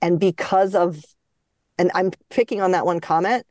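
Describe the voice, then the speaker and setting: A woman co-hosting a sports podcast, giving measured opinions in casual chat. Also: on the low side, darkish tone, no room sound, clean studio sound. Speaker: podcast co-host.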